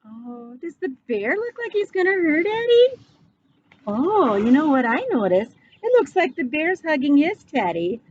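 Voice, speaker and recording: Woman teacher, high and lively, storybook read-aloud for children. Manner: slow, animated, asking children questions. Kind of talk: reading a picture book aloud to children. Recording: dull, slightly noisy recording.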